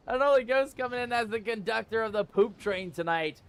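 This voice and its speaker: High-pitched playful pirate-talking male streamer. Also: a little slow, gravelly. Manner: playful pirate-talk, reads game text aloud; laughs often, exclaims loudly. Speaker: streamer playing a game. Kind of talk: live-stream game commentary.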